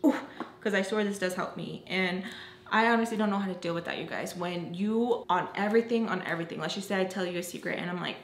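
A woman's voice: mid-range voice, fast talker. A young woman chatting casually as she tells a personal story, emphatic and acting out quoted lines. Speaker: storytelling vlogger. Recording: roomy with faint ambient noise.

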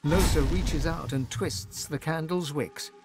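A man narrating a video game in measured, descriptive storytelling, with game music behind him. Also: a little high. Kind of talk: scripted narration.

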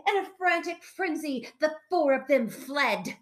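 A woman reading a children's picture book aloud, narrating in an expressive, playful way. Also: high-pitched, unhurried, hardly any pauses. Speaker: storyteller.

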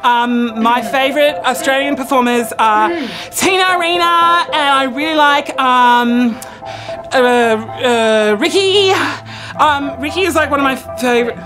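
A man's voice: extremely high pitch, a little slow, music in the background. A man playing a starstruck, scatterbrained thirty-year-old woman who wants to be a singer, squealing and gushing in a comedy sketch.

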